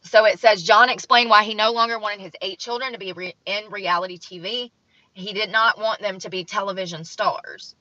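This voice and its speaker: A woman's voice: medium pitch, fairly even intonation, normal speed, bright, forceful tone, dry recording. A young woman vlogger reading from an article and adding blunt, judgmental commentary. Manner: blunt and judgmental, reads aloud then comments. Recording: dull lo-fi sound, dry room.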